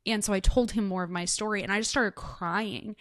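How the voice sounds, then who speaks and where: A woman hosting a casual interview, telling personal stories in an animated way and acting out the voices of the people in them. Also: medium pitch, a little fast, dry recording, studio quality. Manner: animated storyteller, acts out quoted voices. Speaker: host.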